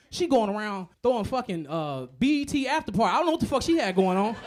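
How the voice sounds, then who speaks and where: A man doing a stand-up comedy set, profane and animated, acting out the voices of other people. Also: sits high, fast, few pauses.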